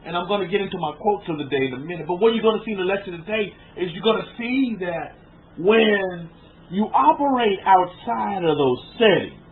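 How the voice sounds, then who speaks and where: Man preaching over a tinny line. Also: a little high. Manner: informal, rhetorical questions to listeners, repeats words. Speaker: rabbi teaching a congregation. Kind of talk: conversational sermon lecture. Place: room with a small group of about twelve. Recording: tinny phone-like lo-fi with faint noise.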